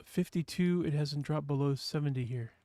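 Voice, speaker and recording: A male livestream host from New Hampshire chats loosely with viewers, rambling and reading the chat aloud. His voice is on the high side, mellow, at normal speed, with studio quality and no room echo.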